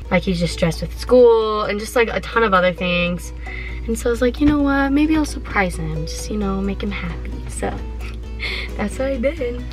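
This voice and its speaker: Teen girl vlogger, bright voice, giggly, chatty, excitable, talking to camera from a car. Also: medium pitch. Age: teens. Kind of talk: casual vlog chat. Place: parked car. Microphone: handheld camera.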